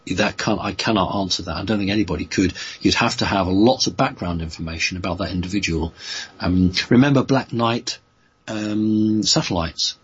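A man with a very deep, gravelly-husky voice works through his answers slowly, pausing on fillers and restarting sentences as he goes. The audio is muffled and lo-fi. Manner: slow, halting, many fillers and restarts. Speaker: guest answering listener questions. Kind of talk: unscripted spoken answers.

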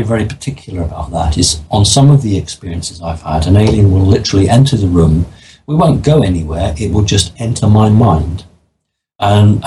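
A man's voice: fairly low pitch, warm tone, a little hiss or hum, low-quality recording. A man talking as a guest in an interview, explaining his views in an earnest, matter-of-fact way. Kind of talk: interview conversation.

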